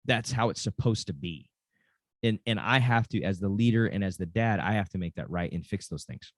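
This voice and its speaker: A man's voice: fairly low pitch, animated, a little fast, no echo. A middle-aged man, a dad and football coach, giving an earnest, casual talk on parenting, often repeating phrases and restarting sentences.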